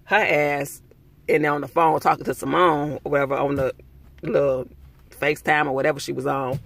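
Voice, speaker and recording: A man's voice: on the high side, little pitch movement, fairly quick, vocal fry, fairly bright tone, no room sound. A young man ranting through a casual TV episode review, heated and full of profanity. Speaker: TV show reviewer.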